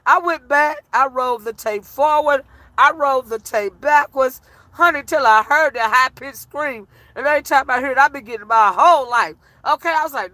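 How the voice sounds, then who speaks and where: A woman giving animated, laughter-filled reaction commentary to her livestream chat, teasing and petty. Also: high voice, moderate pace, dry recording.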